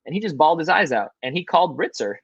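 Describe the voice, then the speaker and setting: A young man, a podcast guest, telling a personal story in a lively, swearing way and acting out quotes, in a hotel room. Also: a little high, very fast, gravelly, slightly rough, dry recording, muffled recording. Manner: animated, swears, acts out quotes. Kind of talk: casual storytelling.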